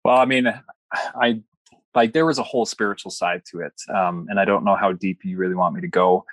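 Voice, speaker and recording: A young man, a guest in an interview, telling a personal story with earnest, animated delivery and quoted dialogue. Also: sits low, fairly quick, no room sound.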